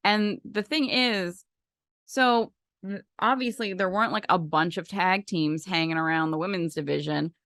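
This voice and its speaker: Woman, lowish voice, podcast co-host, rambling casual chat, dry close sound. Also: normal speed, fairly bright tone, dry recording. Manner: rambling, filler-heavy, swears casually.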